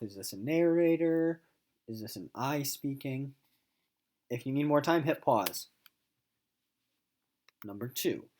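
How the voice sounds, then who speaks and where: A male teacher giving a recorded lesson to middle schoolers, explaining point of view and reading story passages aloud. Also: medium pitch. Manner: animated, reads story passages aloud with voices.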